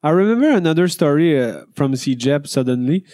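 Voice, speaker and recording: A man with a high, light voice chats in English. He halts often, restarts his sentences and fills gaps with uh. The sound is close and dry. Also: expressive, warm tone, dry recording. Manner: halting, many uhs and restarts, laughs easily. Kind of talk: casual chat.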